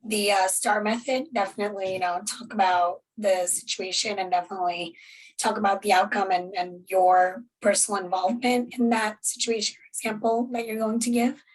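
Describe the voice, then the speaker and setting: A woman's voice: medium pitch, steady tone, moderate pace. Distant woman recruiter, encouraging. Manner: encouraging, conversational. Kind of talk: panel Q&A answers.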